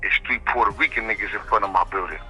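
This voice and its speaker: A man tells a long street story in a very bright, forceful voice, full of slang. He rambles and keeps checking in with his listener, while faint music plays underneath. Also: lowish voice, fast talker, husky, rough recording. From the Bronx, New York. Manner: slangy, rambling, keeps asking "you know what I'm saying". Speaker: interview guest.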